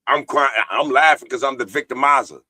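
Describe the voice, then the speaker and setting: A man hosts a live stream and preaches hard about choice and consequence, swearing freely. His voice is bright and forceful. The sound is dry and close to the mic. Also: medium pitch, brisk, dry recording. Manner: preachy, profane, reads viewer comments aloud. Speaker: podcast host. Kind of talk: casual live-stream talk.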